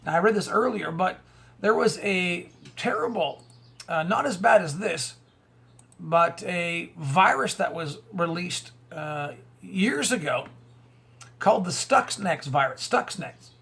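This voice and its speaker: Male vlogger, husky and raspy, rambling preachy commentary with rhetorical questions. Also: high voice, lively intonation, slow, fairly bright tone. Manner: rambling, stumbles and repeats words, rhetorical questions, chuckles. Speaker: online video host. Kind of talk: conspiracy and religious commentary monologue.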